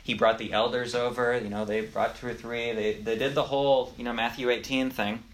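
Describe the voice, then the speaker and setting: A man's voice: medium pitch, level tone, a little fast. A young man teaching Sunday school, telling a story in a chatty, conversational way with asides. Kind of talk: casual storytelling lesson.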